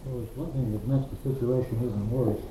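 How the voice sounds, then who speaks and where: A man's voice: mid-range voice, steady tone, fairly quick, background noise. A man in a philosophical discussion, speaking tentatively and hedging his points. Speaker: discussion participant. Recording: echoey room with faint ambience.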